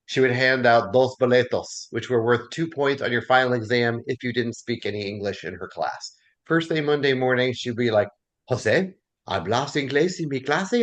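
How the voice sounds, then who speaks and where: A man with a Southern US accent leading a casual class discussion, telling stories and laughing often. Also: medium pitch. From American South. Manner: animated storyteller, laughs often. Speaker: Bible class teacher.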